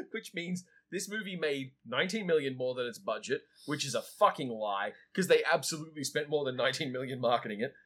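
Podcast co-host, wry, lively pitch, husky tone, casual chat. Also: a little fast. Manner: wry, animated storyteller. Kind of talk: casual chat, presenting facts.

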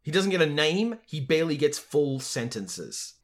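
A man's voice: on the high side, sing-song, normal speed. Chatty man sharing trivia. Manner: chatty, trivia-laden, laughs often. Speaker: podcast co-host. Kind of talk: casual chat.

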